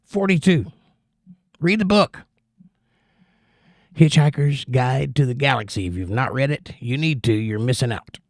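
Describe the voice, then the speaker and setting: A man's voice: mid-range voice, animated, a little slow, pauses often. A man in his usual casual livestream chat, rambling and friendly-paced in reply to his viewers. His voice sits in an ordinary middle register. The sound is dry, with no room echo. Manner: chatty, reads viewer comments aloud and rambles in reply. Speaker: livestream host.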